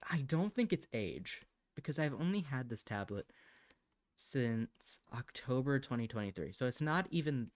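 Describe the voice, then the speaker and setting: A woman with a very deep voice that swings widely in pitch, chatting casually on a live stream while drawing. She mutters to herself and sometimes gushes at her cat. The sound is dry and close on a desk microphone. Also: darkish tone, no room sound. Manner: gushing baby talk to her cat. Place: home.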